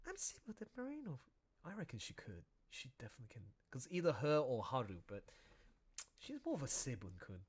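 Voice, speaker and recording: A man who is a comic artist, chatting casually on a stream in a chatty, animated way. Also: mid-range voice, a little fast, slightly rough. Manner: chatty, animated, prone to laughing and restarts. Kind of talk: casual chat.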